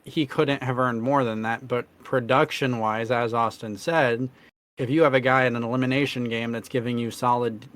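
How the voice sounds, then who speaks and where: Dude going hoarse while talking sports on a podcast, keeps clearing his throat. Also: mid-range voice, fairly even intonation, moderate pace, fairly bright tone. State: losing his voice. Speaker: podcast co-host. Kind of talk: casual sports chat.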